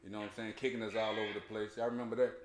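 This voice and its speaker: A man telling a childhood story in casual chat, animated and laughing, full of slang and restarts. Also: fairly low pitch, racing, background noise. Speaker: podcast host. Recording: echoey room.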